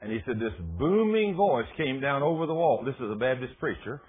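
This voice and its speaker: A man preaching a sermon who tells a story dramatically and drops to a hush when he quotes someone. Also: medium pitch, expressive, brisk, breathy edge. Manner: dramatic retelling, dropping to hushed tones for quotes. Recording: tinny phone-like radio broadcast.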